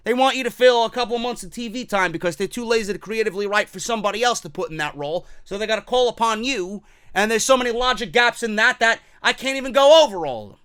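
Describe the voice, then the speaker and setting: Brief: fired-up male ranter, bright high voice, dry close sound. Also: animated, fast talker, clean tone, dry recording. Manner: heated, profane, repetitive ranting; mocking quoted voices. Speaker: wrestling commentary host. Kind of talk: ranting opinion show.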